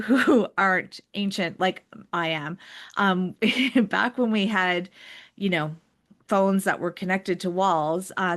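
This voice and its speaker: A woman's voice: on the low side, fairly bright tone. A woman in her forties hosting a podcast, telling a personal story in a chatty, self-deprecating way with plenty of fillers. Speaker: podcast host.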